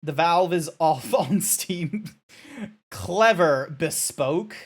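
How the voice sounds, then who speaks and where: An Australian man livestreams, chatting casually with viewers in a rambling, sidetracking way. His fairly high, animated, slightly rough voice mixes in swearing and nonsense sounds to fill pauses.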